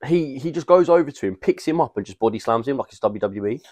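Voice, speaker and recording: A man's voice: mid-range voice, expressive, quick pace, a little mellow, no room sound. A young man, co-hosting a podcast and telling rambling stories full of slang. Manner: rambling storytelling with fillers and slang. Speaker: podcast co-host. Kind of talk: casual chat.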